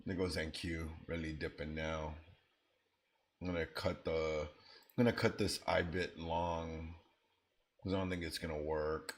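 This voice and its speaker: A man with a deep, low voice hosts a live trading stream. He talks in an easygoing way, thinking out loud about his positions and answering people in the chat as they come in. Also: level tone, a little slow, long pauses, slight background noise. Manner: casual, thinks aloud while reading chat. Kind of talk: live-stream market commentary.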